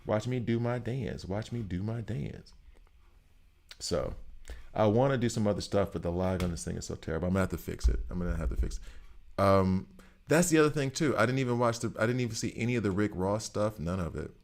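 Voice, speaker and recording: A man's voice: on the low side, animated, quick pace, creaky, a little mellow. A middle-aged man streaming a game, rambling through opinions and laughing often in casual chat. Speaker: gaming streamer.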